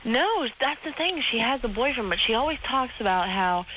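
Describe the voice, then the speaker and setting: A woman's voice: on the high side, expressive, normal speed, a loud crowd. A teenage girl calling a radio show, hesitant and full of fillers, heard over a phone line. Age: teens. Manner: hesitant, uses lots of fillers. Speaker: caller.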